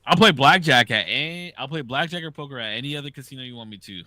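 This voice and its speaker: A man's voice: mid-range voice, fast, bright, forceful tone, no room sound. A man hosting a podcast, telling gambling stories in a loose, profane, casual way. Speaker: podcast host. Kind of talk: casual chat.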